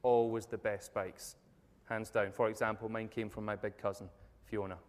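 A man giving a jokey, energetic talk to a live audience, telling stories and speaking directly to the crowd. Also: fairly low pitch, normal speed. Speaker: motivational speaker. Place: event room with tables and audience. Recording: long reverb of a large hall.

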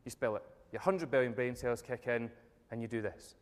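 A man giving a jokey, energetic talk to a live audience, telling stories and speaking directly to the crowd. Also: medium pitch, moderate pace. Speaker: motivational speaker. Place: event room with tables and audience. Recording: long reverb of a large hall.

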